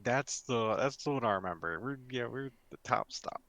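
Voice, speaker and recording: A man at a middle pitch plays a tabletop role-play game. He chats in a casual, easygoing way. The recording is close and dry. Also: lively intonation, normal speed, a bit bright, no echo. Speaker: player.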